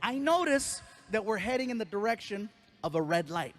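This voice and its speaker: A man doing a stand-up comedy routine, telling an animated story and acting out voices and sound effects. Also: high voice, moderate pace. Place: live comedy stage.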